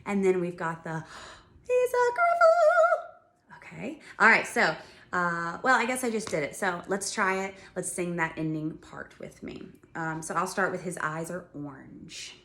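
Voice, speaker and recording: A woman's voice: on the low side, normal speed, pushed and bright, roomy sound. A woman teaching a music lesson to young children, talking and singing patiently and explaining each step. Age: adult.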